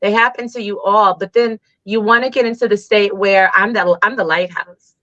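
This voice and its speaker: Animated woman healer telling stories. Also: mid-range voice, moderate pace, dull audio. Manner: animated storyteller, acts out quoted voices. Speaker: Reiki healer guest. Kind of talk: casual interview talk.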